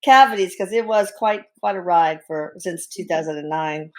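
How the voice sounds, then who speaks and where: A middle-aged woman speaking as a guest in an interview, telling her story with candid, animated delivery and blunt humor. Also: lowish voice, normal speed. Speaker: guest, bereaved mother and physician.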